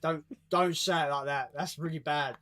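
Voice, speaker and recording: A man's voice: on the high side, fairly even intonation, normal speed, pushed and bright. A man with a British accent chatting casually on a stream, swearing freely and tripping over his words. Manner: swears freely, stumbles and repeats words, laughs mid-story. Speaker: co-host. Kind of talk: casual chat.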